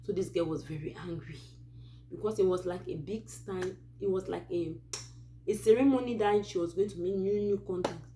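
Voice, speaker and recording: A Cameroonian woman with a somewhat low, mellow voice tells a true story to her channel's viewers. She speaks in a relaxed, animated way and keeps breaking off for asides. Her Cameroonian English accent colors every line. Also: moderate pace, slight background noise. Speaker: host of a Christian advice channel. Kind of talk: casual storytelling.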